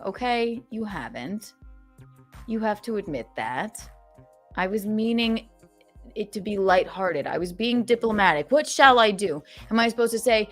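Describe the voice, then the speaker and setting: A woman hosting a casual livestream podcast, reading super chats aloud and venting sarcastically, swearing freely and swinging from loud outbursts to low mutters. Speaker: streamer and podcast host.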